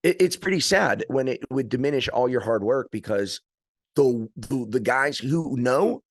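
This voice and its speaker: A man, an arm wrestler and trainer, chatting casually on a podcast in a rambling, animated storytelling way full of restarts. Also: mid-range voice, a little slow, no room sound, studio quality.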